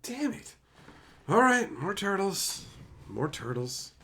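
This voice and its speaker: A man's voice: sits high, big pitch swings, takes it slowly, a bit bright, breathy edge. A man live-streaming as he opens card packs, chatting casually and ranting sarcastically with lots of swearing.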